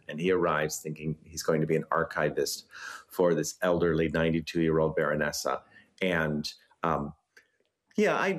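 A man in his fifties from the United States, talking as a novelist guest in an interview. His voice sits very low, and he chats easily, with fillers and ready laughter. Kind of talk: interview conversation.

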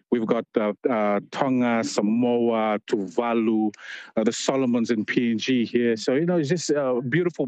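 A man's voice: medium pitch, no echo, rough recording. A man on a call into a morning show, telling stories with lots of laughter and restarts. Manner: laughing, energetic storytelling with many restarts. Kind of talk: casual chat on a phone line. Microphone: call-in line.

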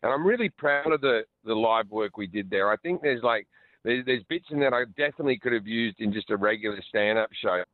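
An Australian man in his forties, a comedian chatting and joking as a radio guest with quick restarts over the phone. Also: on the low side, lively intonation, no room sound. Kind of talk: casual radio interview. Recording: tinny phone line.

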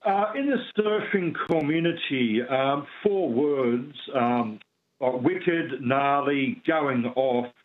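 Halting male caller on a muffled line. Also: medium pitch. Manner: halting, searching for words. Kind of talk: radio call-in.

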